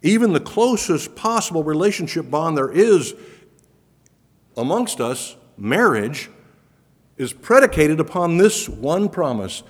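A man's voice: on the high side, very animated, measured pace. A man preaching a sermon, earnest and emphatic, his voice building on repeated promises. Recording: reverberant hall.

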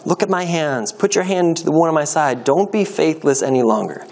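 A man reading aloud and voicing Jesus as a calm, gentle teacher, speaking earnestly with lifted emphasis. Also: on the high side, a little fast, vocal fry.

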